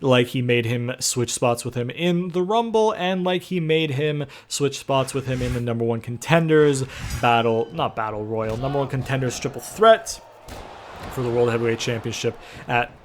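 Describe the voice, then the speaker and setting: A man's voice: medium pitch, moderate pace. A man giving loose, profane let's-play commentary, calling listeners brother and bruh. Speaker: gaming commentator.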